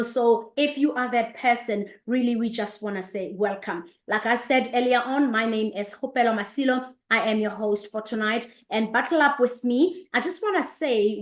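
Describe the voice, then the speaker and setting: A woman in her thirties, her voice a little high, hosts an online business presentation as an upbeat live stream. She greets viewers by name with lively energy, repeating her hellos and reading out where each one is watching from. The room sounds echoey.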